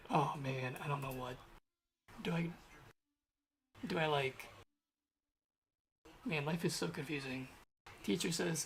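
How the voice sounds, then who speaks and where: A man's voice: fairly high pitch, normal speed, vocal fry, long pauses, slight background noise. A young man talking to himself as he codes on a stream, rambling and grumbling in a casual way. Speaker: programmer streaming his coding. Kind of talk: casual thinking aloud while coding.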